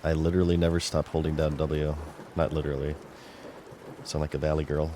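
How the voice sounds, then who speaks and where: A fairly quick, rumbling low male voice carries this casual commentary from a game stream, with a little hiss or hum present. He keeps things relaxed and chatty, often muttering to himself mid-play.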